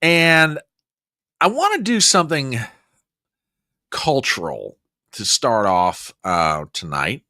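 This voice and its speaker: A man's voice: medium pitch, sing-song, slow, long pauses, bright, forceful tone, dry recording, studio quality. A man hosting a casual news commentary show, rambling with sarcastic, joking asides. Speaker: host.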